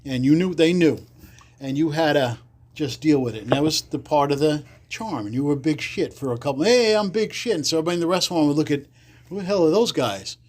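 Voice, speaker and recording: A man's voice: a little high, fast, a little mellow. A man from the Bronx, a podcast guest telling rambling stories and acting out the people he quotes. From the Bronx, New York. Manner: rambling, acts out quoted people in livelier voices. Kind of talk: casual storytelling interview.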